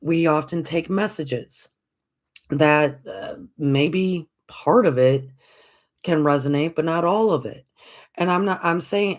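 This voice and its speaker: A podcast host speaks in a gentle, encouraging way, working through rhetorical questions and coming back to the same reassuring phrases. The voice sits at an everyday middle pitch. It talks straight to listeners and calls them folks. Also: lively intonation, unhurried. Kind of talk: reflective spiritual talk.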